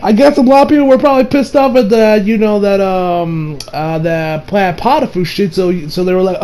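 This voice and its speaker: A man's voice: sits high, fairly quick, few pauses, mellow, slight background noise, low-quality recording. A man reviewing an anime episode in a rambling, casual way, swearing freely and restarting his sentences. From United States. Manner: rambling, profane, many fillers and restarts.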